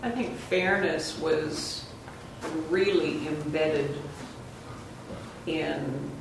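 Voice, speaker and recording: A man taking part in a church class discussion, speaking slowly and thoughtfully. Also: a little high, background noise. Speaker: class participant. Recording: distant mic in echoey room.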